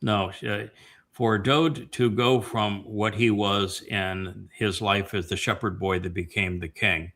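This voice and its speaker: A low-pitched man with a forceful, bright edge hosts a family Bible-study show. He retells scripture with passion and leans on frequent "uh" pauses as he builds his points. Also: fairly even intonation. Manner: impassioned, retelling scripture with many filler pauses. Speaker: host.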